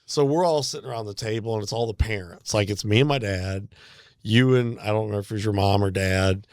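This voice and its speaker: A man's voice: on the low side, fairly quick, no room sound. Middle-aged man rambling through a story. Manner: rambling, laughing storyteller with many fillers. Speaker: podcast co-host. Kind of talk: casual storytelling chat.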